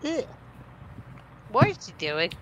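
A woman's voice: on the high side, big pitch swings, slow, fairly bright tone, breathy edge. A woman hosting a reaction video, commenting in a casual, exclamatory and sweary way.

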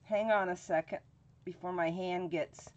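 A woman's voice: fairly low pitch, steady tone, dull audio, heavy background noise. A woman hosting a live painting tutorial, chatting casually, greeting viewers by name and thinking aloud with frequent fillers as she works. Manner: slow, drawn-out speech with frequent fillers. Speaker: craft channel host.

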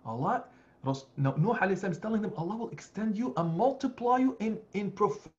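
Male imam, earnest lecturing preacher, slightly high voice, muffled lo-fi recording. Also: fast talker. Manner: earnest and animated, with many restarts and fillers. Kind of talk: Sunday lecture on scripture. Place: mosque community hall.

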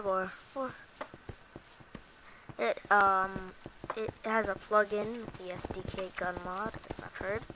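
A woman giving casual commentary while playing a shooting game, excitable and prone to sudden yelps and shrieks. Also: medium pitch, noisy background. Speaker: gameplay video host. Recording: loud game gunfire over voice. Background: game gunshots and clicks.

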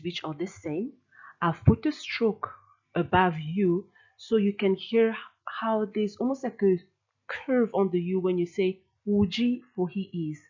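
Slow, careful woman teaching pronunciation. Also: mid-range voice, darkish tone, husky, muffled recording. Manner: slow, careful drills, repeating words with rising emphasis. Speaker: language teacher. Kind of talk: recorded pronunciation lesson.

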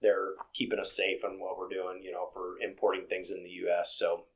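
Being interviewed casually, a low-pitched truck driver talks fairly quickly and relaxes into long, drifting stories heavy with "you know." The audio is poor.

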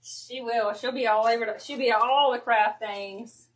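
A woman's voice: a little high, fairly even intonation, a little hiss or hum. A woman hosting a crafting livestream, chatting casually and easily while she works. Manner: easygoing, chatty, quick to laugh.

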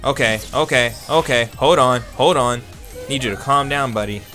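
A man commentating his own online fighting game matches, animated and self-deprecating, with quick outbursts and laughs. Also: medium pitch. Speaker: gaming YouTuber. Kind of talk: let's play commentary. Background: game music.

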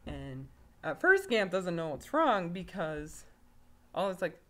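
A woman's voice: deep voice, expressive, unhurried, sharp tone. A woman giving a casual video review of a story, rambling, with lots of fillers and self-corrections. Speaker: fanfiction reviewer.

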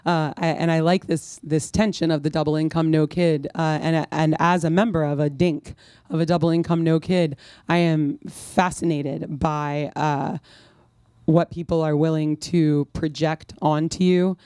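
A woman's voice: deep voice, little pitch movement, measured pace, mellow, smooth, no room sound. A woman author talking with an audience at a bookstore event, telling rambling, self-mocking stories full of restarts. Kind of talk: conversational Q&A and anecdote.

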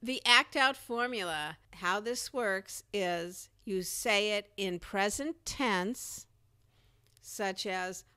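A woman teaching comedy and public speaking in an animated, demonstrative way, acting out examples as she goes. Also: medium pitch, takes it slowly. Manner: animated, demonstrative, jumps into character voices. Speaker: speaking coach. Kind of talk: comedy presentation lesson.

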